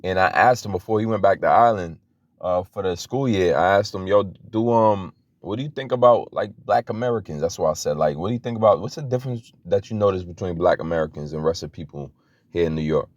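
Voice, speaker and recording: A man's voice: low-pitched, brisk, dry recording. A young man giving a loose, conversational teaching talk as a preacher, full of restarts and fillers. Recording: dry, dull lo-fi audio.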